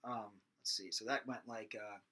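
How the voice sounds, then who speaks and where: Bright-voiced man rambling through a vocal lesson. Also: lowish voice, steady tone, moderate pace, slight background noise. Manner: rambling, loose, with many fillers and restarts. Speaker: singing teacher. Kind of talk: casual vocal lesson with sung demonstrations.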